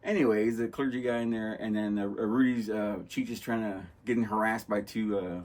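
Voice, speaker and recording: A man's voice: on the low side, fairly even intonation, fairly quick, a little mellow. A man hosting a podcast, chatting casually and rambling through movie stories, acting out lines in a loose, laid-back way. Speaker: podcast host. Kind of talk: casual chat about movies.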